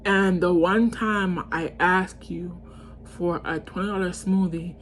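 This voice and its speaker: A woman's voice: on the low side, fairly even intonation, slow pace, slight background noise. A young woman vlogger telling a storytime, ranting heatedly with lots of cursing and repetition. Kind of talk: storytime rant.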